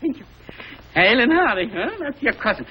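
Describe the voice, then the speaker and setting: An excitable older family man. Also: very high voice, brisk, slightly rough, exaggerated voice. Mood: excited. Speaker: family father and uncle. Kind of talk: 1950s TV sitcom acting. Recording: dull lo-fi 1950s TV audio with faint hiss.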